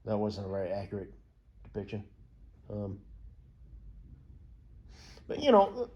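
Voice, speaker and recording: A man's voice: mid-range voice, very animated, takes it slowly, long pauses, darkish tone, lo-fi sound, slight background noise. A young American man telling a rambling, profane story with lots of fillers and restarts. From United States. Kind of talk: casual rambling monologue.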